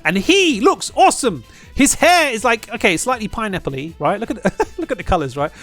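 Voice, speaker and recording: A man hosting a gaming channel, rambling in casual commentary and repeating himself, his voice jumping high whenever he gets hyped. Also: big pitch swings, moderate pace, a bit bright, soft background music.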